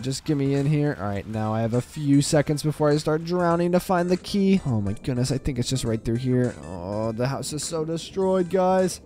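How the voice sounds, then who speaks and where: A young man giving excitable, frustrated commentary while playing a game. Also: fairly high pitch. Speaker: gaming video creator.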